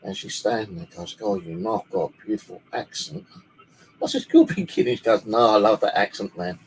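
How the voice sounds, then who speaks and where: A man's voice: on the low side, expressive, a little fast, creaky, slight background noise, poor audio. A man from the UK, telling a long story in a casual, rambling way and swearing freely, speaking alone in his bedroom. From United Kingdom. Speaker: paranormal channel host.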